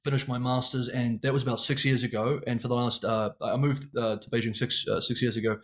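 A man in his thirties with a New Zealand accent speaks as an interview guest. He explains things in a polite, measured way, at a middle pitch. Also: little pitch movement. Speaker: guest, China consultant. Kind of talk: casual interview.

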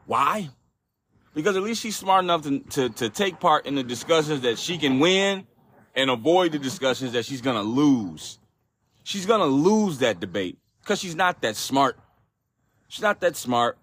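A man's voice: fairly high pitch, a bit bright, dry recording. A man hosting a solo podcast, ranting in a profane, exasperated way with frequent restarts. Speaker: podcast host.

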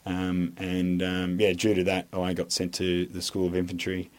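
A man's voice: deep voice, monotone, normal speed. An Australian ex-army man talking as a podcast guest, blunt and rambling, with lots of fillers, restarts and swearing. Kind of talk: casual interview storytelling.

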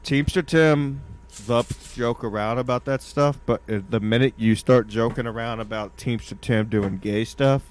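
A man hosting a crude, casual talk show, teasing his guest in a mock-serious way, his voice sometimes cracking when he gets excited. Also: mid-range voice, moderate pace, few pauses, slight background noise.

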